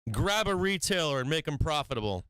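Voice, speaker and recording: A man's voice: a little high, big pitch swings, fairly quick, fairly bright tone, clear, resonant tone, no echo. Profane, rambling stream host man. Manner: profane, rambling, laughs often. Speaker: stock trading livestream host. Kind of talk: casual livestream chat.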